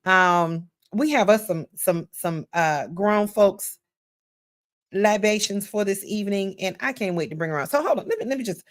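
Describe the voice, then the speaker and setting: A woman's voice: mid-range voice, normal speed. Woman host, casual livestream talk, playful and folksy, calls her audience y'all, loops back on her words. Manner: chatty, folksy, repeats herself often. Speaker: podcast host. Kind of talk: casual livestream show intro.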